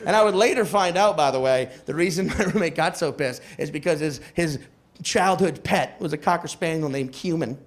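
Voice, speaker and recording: A young man telling a stand-up comedy story, animated and acting out characters with shouted outbursts, recorded live with a laughing audience. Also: a little high, brisk, a little hiss or hum. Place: comedy club stage. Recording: live club with crowd laughter.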